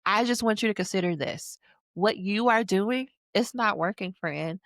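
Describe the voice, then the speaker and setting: A woman dissertation coach makes her pitch in a casual, frank way, leaning hard on her points and speaking right to the listener. Her voice sits at a middle pitch and is recorded very dry and close, with no room sound. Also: normal speed, fairly bright tone, no echo. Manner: emphatic, conversational, acts out quotes in other voices; casual, frank, uses slang. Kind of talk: motivational sales pitch to camera.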